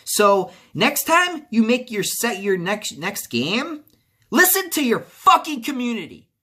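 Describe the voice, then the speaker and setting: A man's voice: extremely high pitch, big pitch swings, unhurried, pushed and bright. A man ranting about a video game as a video creator, angry and profane, repeating himself as he vents. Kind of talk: video game commentary rant.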